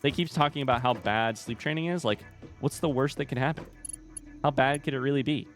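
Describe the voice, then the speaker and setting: A young man talks casually to his viewers during a game stream, rambling from one thought to the next. His voice sits at an ordinary middle pitch for a man. Soft music plays faintly underneath. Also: brisk. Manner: chatty, rambling storyteller. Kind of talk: casual chat while gaming.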